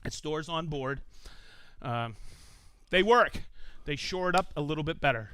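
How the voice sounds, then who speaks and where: An excitable man hosts a live stream, whooping as he reads out shout-outs. His voice sits high and swoops around a lot. It is clear and crisp. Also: measured pace, no room sound. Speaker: host of a live tool demo stream. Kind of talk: casual live-stream chat.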